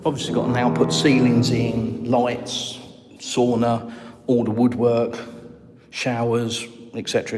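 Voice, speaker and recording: A middle-aged English man with an English accent, chatting casually on a live stream from his house and answering viewers' comments. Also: mid-range voice. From England. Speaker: livestream host. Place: at home in a house. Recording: clear background noise with clicks.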